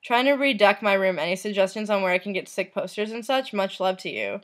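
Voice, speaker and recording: A woman vlogger reads messages aloud at a middle pitch. Her delivery is soft and unhurried, and her voice trails off at the end of lines. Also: lively intonation.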